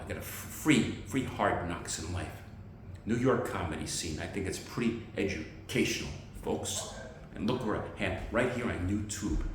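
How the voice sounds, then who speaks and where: A man doing a rambling, self-deprecating stand-up monologue as an amateur comedian. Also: low-pitched. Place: outdoors on a pile of dirt. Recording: very echoey spot.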